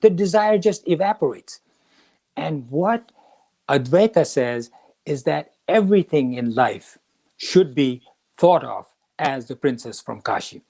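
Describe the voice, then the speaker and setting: A man hosting a talk on the Gita, telling a story and acting out the quoted lines with lively shifts of voice. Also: a little high, a little slow, vocal fry. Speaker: podcast host teaching the Gita.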